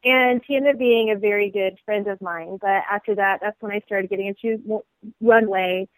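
A woman's voice: medium pitch, steady tone, normal speed, no room sound, rough recording. Bubbly woman with a dry sound. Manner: bubbly, laughs often. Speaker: guest, actress and model. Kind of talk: casual interview chat.

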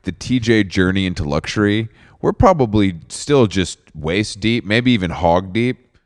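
A man's voice: on the low side, expressive, unhurried, dry recording, clean studio sound. A man co-hosting a podcast, teasing his friend with wry remarks in casual chat. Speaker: podcast co-host. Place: basement of a villa.

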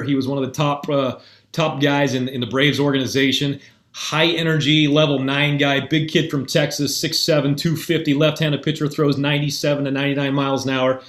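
A man's voice: on the high side, a bit bright. A man, a mental performance coach, telling a story in a casual way and acting out both sides of the dialogue. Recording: roomy echoey sound.

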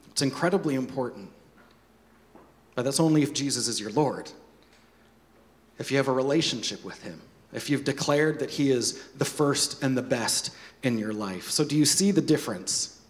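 A man preaching a sermon as pastor, animated, with joking asides and repeated words. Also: medium pitch.

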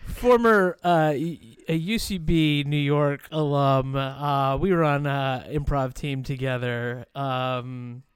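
A man hosting a podcast over a video call, chatting casually, swearing freely and halting with fillers. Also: mid-range voice, fairly even intonation, clean tone, no echo, studio quality. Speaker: podcast host.

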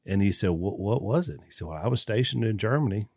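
Low-voiced man telling a story. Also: fast, breathy edge, dry recording, clean studio sound. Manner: animated storyteller acting out quoted dialogue. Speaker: podcast co-host. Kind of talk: casual faith discussion.

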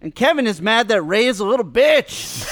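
A podcast host putting on a relaxed comedian with a mock southern drawl, roasting people with jokes and frequent laughs. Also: male voice, very high-pitched, measured pace, a little hiss or hum, heavily acted.

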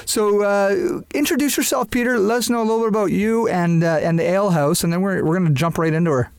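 A man from Canada hosts a podcast in a loose, eager ramble, stacking up praise as he goes. His voice sits a little high and sounds dry and close. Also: quick pace, gravelly, smooth, no room sound. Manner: enthusiastic, rambling. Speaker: podcast host. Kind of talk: casual podcast chat.

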